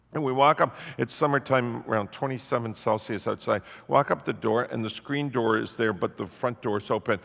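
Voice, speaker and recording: Male pastor preaching to a church, animated storyteller, gravelly mid-pitched voice with a long hall echo. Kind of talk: sermon storytelling. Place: church sanctuary.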